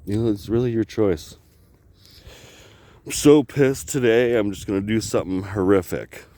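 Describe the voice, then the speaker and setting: A man's voice: on the low side, normal speed, mellow, a little hiss or hum. A man from Canada rambling and swearing in a casual vlog outdoors by the water, filming on a handheld camera, laughing often. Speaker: vlogger.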